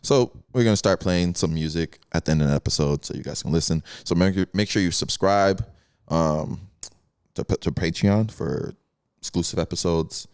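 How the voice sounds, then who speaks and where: A man's voice: low voice, normal speed, a little mellow, smooth. A man hosting a podcast in casual chat, asking loose questions and bantering. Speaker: podcast host.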